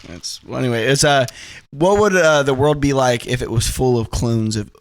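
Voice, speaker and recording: A young man co-hosting a casual podcast, relaxed and hesitant, reading out discussion questions. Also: medium pitch, normal speed. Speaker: podcast co-host. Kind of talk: casual chat among friends.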